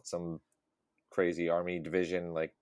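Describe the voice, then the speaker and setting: A man guesting on a casual podcast, relaxed and laughing often. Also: sits low, moderate pace, smooth, no echo, clean studio sound. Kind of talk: casual chat.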